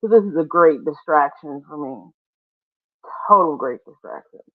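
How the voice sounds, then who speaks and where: A woman's voice: deep voice, normal speed. A woman hosting a casual live stream, chatty and playful, laughing often between remarks. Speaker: livestream host. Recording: tinny phone-like sound.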